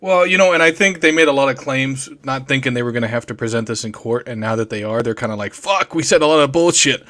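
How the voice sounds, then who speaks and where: A man's voice: medium pitch, fairly even intonation, fast, a bit bright. A man on a podcast panel, chatting casually with short, agreeable replies. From United States. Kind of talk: casual chat.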